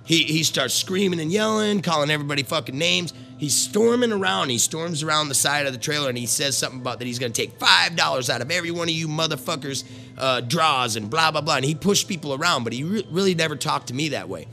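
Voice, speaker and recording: A man's voice: a little high, animated, fast, vocal fry, bright, forceful tone, faint music behind. Blunt foul-mouthed middle-aged man. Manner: profane, blunt, swears constantly; rambling with restarts. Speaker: former carnival worker. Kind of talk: casual storytelling.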